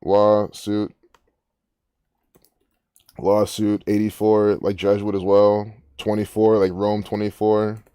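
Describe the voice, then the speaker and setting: A man's voice: fairly low pitch, level tone, takes it slowly, pauses often, warm tone, smooth, no room sound, clean studio sound. A man hosting a casual commentary, rambling and musing aloud with frequent restarts. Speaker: gematria channel host.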